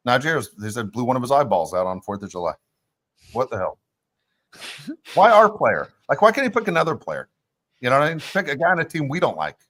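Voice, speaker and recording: A man's voice: mid-range voice, sing-song, quick pace, fairly bright tone, dry recording. A man co-hosting a casual podcast, joking and exasperated. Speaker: podcast co-host. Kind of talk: casual chat.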